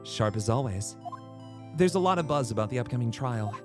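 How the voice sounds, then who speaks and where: A man reading as a calm, caring big sister. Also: mid-range voice, a little fast, over music, close to an everyday voice. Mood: gentle. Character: calm, caring older sister, young adult woman.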